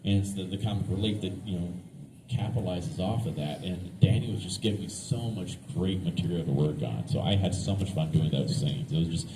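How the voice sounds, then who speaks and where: A man's voice: sits low, fairly quick, distant mic. Chatty man telling stories in an echoey room. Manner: chatty, self-deprecating storyteller with many restarts. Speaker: actor guest on a convention panel. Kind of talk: anecdotes at a fan convention panel. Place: convention panel room. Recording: echoey panel room with background noise.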